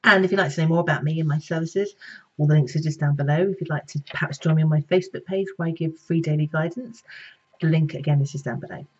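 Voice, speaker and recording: A woman's voice: sits low, fast talker, a little mellow, husky, highs cut off. A woman psychic reader giving a casual, chatty horoscope reading that speaks straight to her viewers. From Britain. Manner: chatty, conversational, addresses viewers directly.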